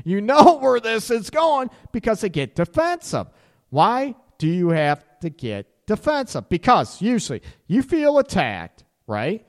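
Blunt, lively man with reverb. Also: on the high side. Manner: blunt and animated, swears, sarcastic asides. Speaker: radio show host and relationship counselor. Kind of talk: radio advice talk.

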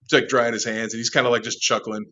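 A lively man spins a wild bar story, laughing through it and cursing freely. His voice sits at an ordinary pitch. The recording is dull and lo-fi. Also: fast. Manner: animated, laughing, swearing often. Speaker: interview guest, bar manager. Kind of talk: casual storytelling.

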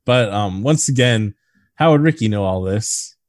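A man's voice: lowish voice, expressive, moderate pace, no echo. Jokey podcast guy riffing on a movie, swears a lot, laughs at his own bits, dead dry mic. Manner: crude, jokey, laughs often. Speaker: podcast co-host. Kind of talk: casual movie chat.

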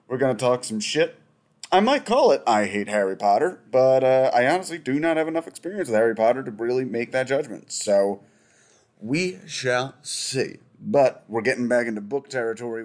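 A male podcast host in casual chat, talking at a middling pitch. He jokes and rambles, catching and correcting himself as he goes, and a faint Southern lilt creeps in. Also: a little mellow. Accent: slips into Southern inflection. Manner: joking, rambling, self-correcting.

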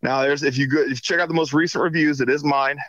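A man's voice: a little high, steady tone, fast talker, fairly bright tone, no room sound, muffled recording. A man calling in to a podcast, chatting and joking in a loose, apologetic way. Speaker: co-host calling in. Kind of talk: casual podcast banter.

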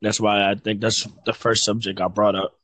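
A man's voice: lowish voice, level tone, normal speed, a bit bright, dry recording, poor audio. A man from Virginia, hosting a casual chat and rambling as he searches for words. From Virginia, United States. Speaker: host.

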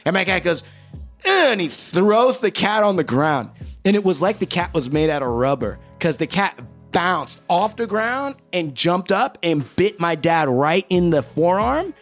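A man's voice: high voice, expressive, moderate pace, soft background music. A man telling a rowdy family story in casual podcast chat, profane and laughing as he goes.

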